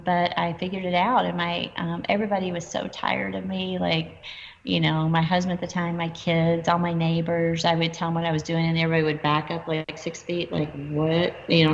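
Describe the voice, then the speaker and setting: A middle-aged woman telling stories in a casual interview, animated and quoting people in dialogue. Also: lowish voice, gravelly, a little hiss or hum. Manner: animated, quotes herself and others in dialogue. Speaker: guest entrepreneur. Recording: dull lo-fi sound with long reverb.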